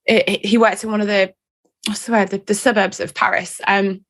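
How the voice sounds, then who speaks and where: A woman, a guest talking in a casual interview in a chatty, self-mocking and animated way. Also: mid-range voice, fairly quick. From England.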